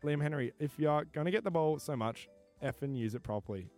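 A man's voice: on the high side, lively intonation, brisk, darkish tone, faint music behind. A young man, co-hosting a casual podcast and reading out fan comments with frequent laughs. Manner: laughs often, reads out names and comments. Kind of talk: casual chat.

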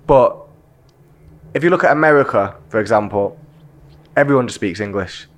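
A man with a Manchester accent interviewing a guest in casual conversation, chatty and quick to laugh. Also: lowish voice, expressive.

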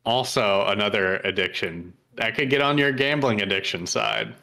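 A man's voice: lowish voice, normal speed, pushed and bright. A man co-hosting a comedy podcast, chatting casually with wry, teasing remarks. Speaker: podcast co-host.

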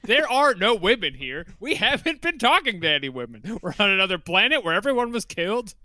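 A man's voice: high-pitched, very animated, fairly quick, pushed and bright, dry recording. A man riffing sarcastically in casual comedic chat. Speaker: podcast co-host.

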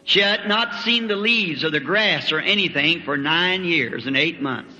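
Male preacher, high, very bright tone, folksy revival storytelling, dull old recording in a reverberant hall. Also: lively intonation, a little slow. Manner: folksy storytelling with rural grammar. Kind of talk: revival sermon testimony.

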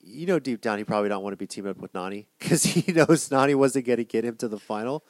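A man's voice: medium pitch, animated, fast, no room sound. A man co-hosting a casual chat about reality television, talking in a matter-of-fact, analytical way. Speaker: podcast co-host.

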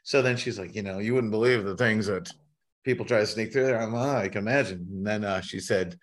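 A middle-aged man, a musician guest on a podcast, telling wry, animated anecdotes and acting out what people said to him. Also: fairly low pitch, a little fast. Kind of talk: casual storytelling in a podcast interview.

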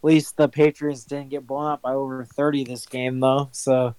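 A man's voice: mid-range voice, level tone, moderate pace, darkish tone, clean tone, poor audio. Easygoing man chatting about sports. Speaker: podcast co-host. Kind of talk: casual sports chat.

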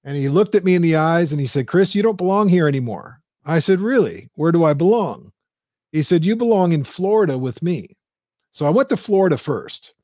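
A man in his fifties, a business founder telling a lively story as an interview guest, acting out the quotes. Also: brisk, dry recording, clean studio sound. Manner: animated storyteller, acts out quotes in a high squeal.

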